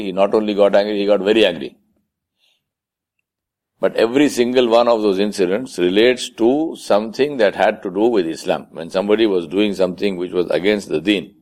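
A man with a fairly low voice gives an Islamic lecture. He talks in a conversational way and sometimes acts out the voices of the people he quotes. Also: darkish tone. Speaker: Islamic speaker. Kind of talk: sermon lecture.

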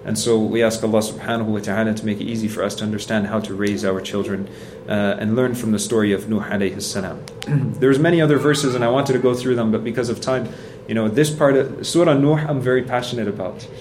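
A man's voice: on the low side, steady tone, fast talker, a little mellow, a little hiss or hum. A man giving a sermon in a conversational, earnest way, telling stories with acted quotes and repeating points for emphasis. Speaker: preacher.

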